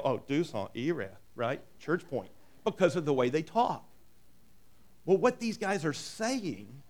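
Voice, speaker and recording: A man preaching a sermon in a folksy way, reading scripture and adding joking asides. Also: on the high side. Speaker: pastor.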